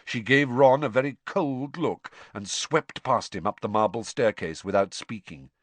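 A man reading a novel aloud in measured storytelling narration. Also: medium pitch, no room sound. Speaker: audiobook narrator. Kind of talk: scripted narration.

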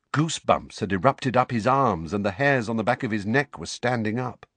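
A man's voice: fairly low pitch, fairly bright tone, husky, no echo. A man narrating an audiobook, reading a tense fantasy scene dramatically. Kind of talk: scripted narration.

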